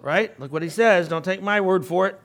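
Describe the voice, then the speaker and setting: An older man teaching a Bible class in a conversational way, clearing his throat often and turning to the class with asides. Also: high-pitched, moderate pace.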